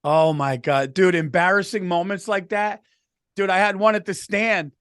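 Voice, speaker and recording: A man co-hosting a casual comedy podcast in a fairly high voice, recorded close and dry. He rambles through anecdotes and keeps saying "dude.". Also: steady tone, moderate pace, fairly bright tone, clean tone, no room sound. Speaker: podcast co-host.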